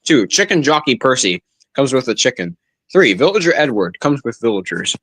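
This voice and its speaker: A man hosting a live stream in casual, playful chat, quick to laugh. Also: mid-range voice, very animated, a bit bright. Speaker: live streamer, show host.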